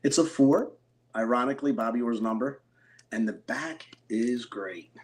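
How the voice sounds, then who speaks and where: Middle-aged philly guy, card collector, gets excited telling stories, mid-pitched voice. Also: normal speed. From Philadelphia, USA. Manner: animated storyteller, excitable bursts. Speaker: interview guest, card collector. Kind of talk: storytelling interview.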